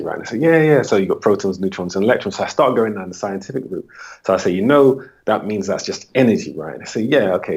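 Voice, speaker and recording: A man's voice: a little mellow, slightly rough. A man from the UK, a holistic coach, answering interview questions and acting out his talks with clients. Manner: acts out client dialogue with rising pitch.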